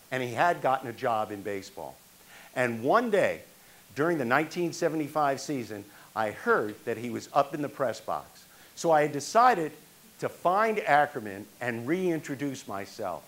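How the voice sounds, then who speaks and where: A man's voice: mid-range voice, a bit bright. An older man from New York performing a one-man stage monologue, telling his own story and acting out the people in it.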